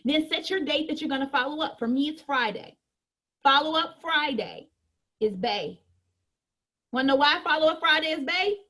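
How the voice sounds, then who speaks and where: A woman giving a sales training talk in a colloquial, animated way, talking straight to her audience and acting out customer conversations. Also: sits high, fairly quick.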